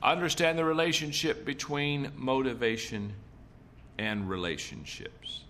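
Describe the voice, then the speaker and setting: Unhurried and steady, the man's medium-pitched voice sounds pushed and bright. He's a middle-aged leadership speaker giving a seminar talk, full of folksy stories and points repeated emphatically.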